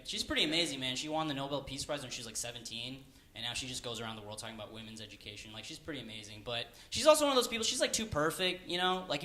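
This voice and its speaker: A man's voice: medium pitch, bright, forceful tone. A man doing a stand-up comedy set at a live venue, rambling and self-deprecating, with lots of fillers. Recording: live room with audible noise.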